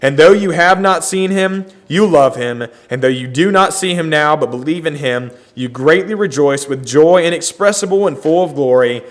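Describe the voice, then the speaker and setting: A man's voice: on the high side, moderate pace, hardly any pauses. A man leading a Bible study, reading scripture aloud and explaining it earnestly.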